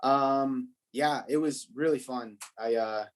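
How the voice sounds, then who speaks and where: A man's voice: mid-range voice, slow pace. A young adult man, a stand-up comedian, chatting loosely on a podcast and telling rambling stories with plenty of swearing. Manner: loose and profane, rambling storyteller. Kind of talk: casual podcast chat.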